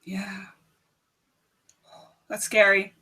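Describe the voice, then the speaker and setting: A woman's voice: medium pitch, monotone, drawn-out words, pushed and bright, breathy edge. A young woman from South Africa co-hosting a casual book club chat, giggling often as she talks. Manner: giggly, chatty, laughs often.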